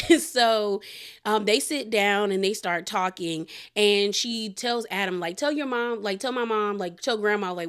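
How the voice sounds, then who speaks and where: A woman talks through a reality show episode in a loose, conversational recap, sprinkling "like" everywhere and slipping into quick quoted lines from the cast. Her voice sits at a middle pitch for a woman. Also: fairly bright tone. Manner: chatty, retells scenes in quoted voices, frequent "like". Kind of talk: casual recap commentary.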